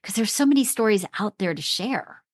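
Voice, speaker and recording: A woman's voice: mid-range voice, expressive, no echo, clean studio sound. A woman hosting an interview, asking eager follow-up questions in a casual chat. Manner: enthusiastic, quick follow-up questions. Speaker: podcast host, educator.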